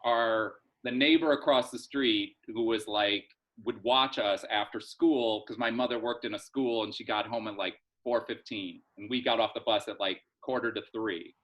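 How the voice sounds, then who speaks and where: A man's voice: on the low side, steady tone, normal speed, hardly any pauses, a bit bright, dull audio. Chatty middle-aged man telling stories. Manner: chatty, rambling, many fillers and restarts. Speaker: interview guest, soap opera writer. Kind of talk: casual storytelling interview.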